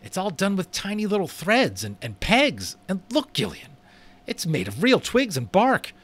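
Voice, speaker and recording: A man reading aloud and voicing an excitable schoolboy who gushes with admiration. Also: mid-range voice, normal speed. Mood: awestruck. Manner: gushing, breathless with wonder.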